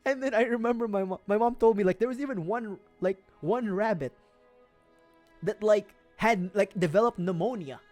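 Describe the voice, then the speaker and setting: A man's voice: high-pitched, moderate pace, darkish tone, no room sound, soft background music. A man from the Philippines, streaming, telling a story casually, laughing often and swearing freely.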